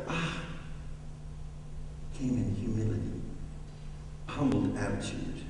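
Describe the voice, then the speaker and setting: A man preaching a sermon as pastor, animated, swinging from hushed to loud. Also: high voice, measured pace, long pauses. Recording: echoey church hall, distant mic.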